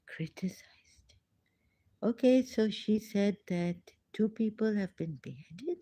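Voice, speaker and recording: A woman hosting a casual livestream, reading news aloud in a halting way with many fillers and restarts. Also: mid-range voice, mellow, no room sound. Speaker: livestream host. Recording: dry, slightly dull lo-fi recording.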